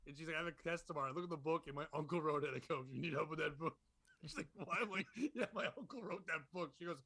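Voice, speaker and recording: A man's voice: on the high side, racing, creaky, pushed and bright, dry recording. A man telling rambling comic stories in a casual chat, laughing often. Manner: rambling storyteller, frequent laughter. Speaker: podcast host.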